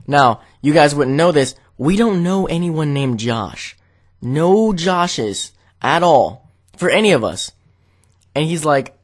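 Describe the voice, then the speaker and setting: A man's voice: a little high, expressive, a little slow. A young man vlogging to camera, telling a casual, rambling story full of "like" fillers.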